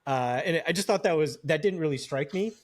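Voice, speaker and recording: Guy cohosting a horror podcast, kinda high voice, rambles w lots of likes and ums. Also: lively intonation, a little fast. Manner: rambling, many fillers and restarts. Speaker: podcast co-host. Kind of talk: casual chat.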